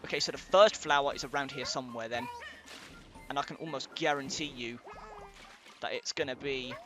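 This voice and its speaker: A man's voice: mid-range voice, fairly quick, music in the background. A man giving casual let's-play commentary, rambling and thinking aloud with many fillers. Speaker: let's player.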